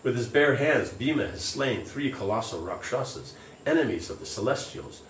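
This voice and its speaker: A man's voice: medium pitch, expressive, moderate pace, slight background noise, lightly acted. A man reading aloud the words of a solemn old male sage giving counsel, in a distant, roomy recording. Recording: roomy, distant, faint ambience.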